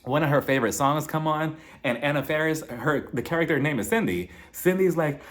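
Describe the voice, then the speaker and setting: A man recapping a reality show in casual, sarcastic commentary, often acting out what people said. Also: a little fast. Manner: sarcastic, gossipy, acts out quotes in a high voice. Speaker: reality TV reviewer.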